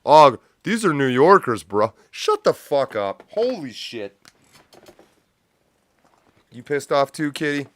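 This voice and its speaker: A man hosting a live stream gives blunt, profane reaction commentary from a home studio with a cat nearby, sitting close to a mic with a pop filter. His voice is on the high side and sing-song, slow, with long pauses.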